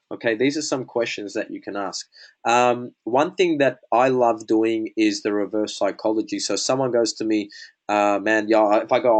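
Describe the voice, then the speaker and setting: An Australian sales coach gives a casual lesson, chatty and peppered with "bro" and "man," acting out sample conversations as teaching talk. His voice is lowish and he speaks a little fast.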